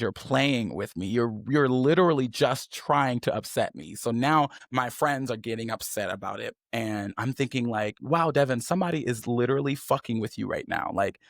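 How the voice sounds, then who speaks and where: A man hosting a podcast, telling a personal story in candid chat and acting out the people he quotes with sudden high voices. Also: no echo, clean studio sound. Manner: animated, swings into high mocking voices when quoting. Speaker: podcast host.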